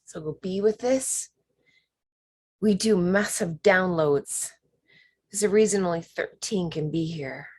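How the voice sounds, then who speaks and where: A woman leading a spiritual workshop, talking slowly and emphatically and sometimes dropping to a whisper. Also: on the low side, a little mellow, slightly rough. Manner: slow, emphatic, drops to whispers. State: emotional. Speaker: workshop leader.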